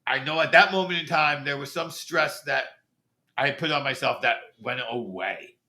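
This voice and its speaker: A man's voice: medium pitch, normal speed, pushed and bright. A middle-aged man co-hosting a podcast, talking in a thoughtful, reflective way in casual chat. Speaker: podcast co-host.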